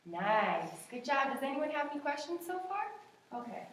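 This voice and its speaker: A woman's voice: sits high, very animated, normal speed, a little hiss or hum. A young woman teaching a class, reading a picture book aloud in an encouraging, sing-song way. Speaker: student teacher. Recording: echoey room, far from mic.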